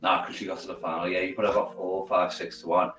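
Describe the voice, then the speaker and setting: A man's voice: deep voice, flat delivery, fast talker, a bit bright, faint music behind. A man casually giving betting odds in an offhand way. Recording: roomy, distant sound.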